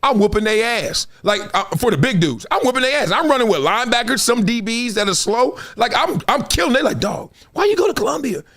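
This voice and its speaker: A middle-aged man from Compton, hosting a livestream and telling stories in slangy, animated talk. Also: very high voice, fairly quick, few pauses. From Compton, Los Angeles. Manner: storytelling, slangy, acts out others' voices. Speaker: host.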